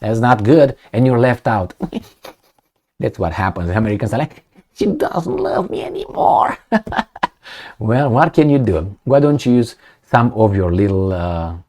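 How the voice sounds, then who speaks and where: A man's voice: lowish voice, lively intonation, moderate pace, a little mellow. A man in casual commentary, reading news aloud and joking sarcastically. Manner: sarcastic and joking, laughs often. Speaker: political commentary vlogger.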